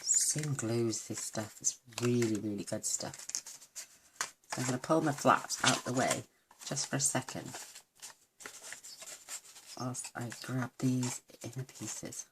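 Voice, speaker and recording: Lady, really low voice, chatty craft demo at home, hissy recording with clicks and paper shuffling. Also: takes it slowly, pauses often. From United Kingdom. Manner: homely, chatty, self-deprecating asides. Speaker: papercraft demonstrator.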